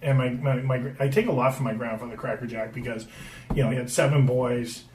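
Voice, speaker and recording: A man's voice: mid-range voice, steady tone, fairly quick, darkish tone, recorded from a distance. Profane, rambling middle-aged man. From Boston area. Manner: rambling, profane, with many restarts and fillers. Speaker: guest, retired hockey player. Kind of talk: casual storytelling chat. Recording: echoey room, a bit off-mic, faint background noise.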